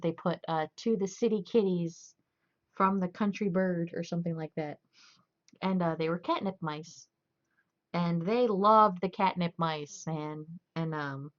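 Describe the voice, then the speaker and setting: Low-voiced young woman, chatty streamer. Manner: chatty, laughing, loose storytelling. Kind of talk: casual chat. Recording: dull lo-fi stream audio.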